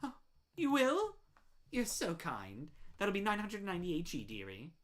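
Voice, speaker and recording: A woman voicing a greedy spider baker woman who sweetly calls everyone dearie, with a low hushed menace under the sugar. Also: huge pitch swings, measured pace. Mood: sweetly menacing.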